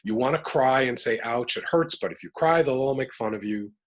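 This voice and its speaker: A middle-aged man from the United States, interviewed as a guest, talks a little fast in a mid-range voice. Animated and emphatic, he works through his emotions aloud in a reflective, personal way.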